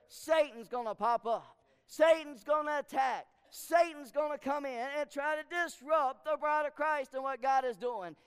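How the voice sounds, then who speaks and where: A man pastor preaching a sermon, hammering his points by repeating phrases. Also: very high voice. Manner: emphatic, repeats lines for stress. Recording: long hall reverb.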